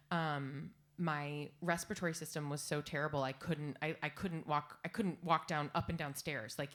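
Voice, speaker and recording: A woman in her thirties, a singer-songwriter talking on stage between songs, tearful and rambling with halting fillers. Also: low voice, fairly bright tone. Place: stage at a live songwriters' round.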